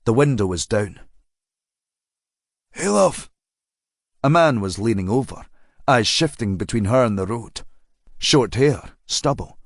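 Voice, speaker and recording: A man narrating an audiobook crime novel in a measured, even storytelling manner. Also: lowish voice, dry recording, studio quality. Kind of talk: scripted narration.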